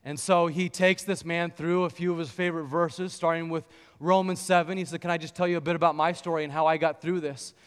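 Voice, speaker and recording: High-voiced preaching pastor in a hall. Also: male voice, fairly even intonation, brisk, clean tone. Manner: storytelling, rising into fervent preaching with scripture. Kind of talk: sermon. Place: church sanctuary.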